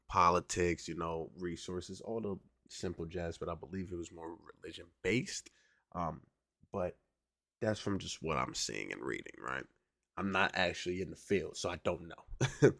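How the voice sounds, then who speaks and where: A man's voice: low voice, vocal fry, no echo, clean studio sound. A man hosting his own podcast in casual solo commentary, slangy and conversational, often checking in with "right?". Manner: conversational, keeps asking "right?" to the listener; slangy, drawling delivery. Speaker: podcast host.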